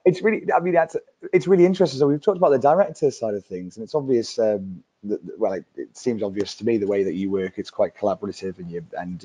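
Low, husky man hosting. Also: warm tone. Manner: encouraging, with short affirmations. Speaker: interview host. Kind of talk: conversational webinar interview. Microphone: video call.

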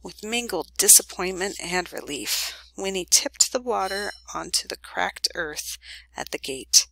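Bright-voiced woman reading a story. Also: mid-range voice, gravelly, no echo, poor audio. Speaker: reader. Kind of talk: reading a children's novel aloud.

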